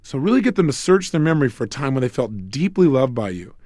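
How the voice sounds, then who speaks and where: A man giving a motivational seminar on relationships, talking in an animated way and acting out couples' arguments with joking asides. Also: mid-range voice, fast talker, no echo, studio quality. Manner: animated, acts out quarrels between couples. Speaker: self-help speaker.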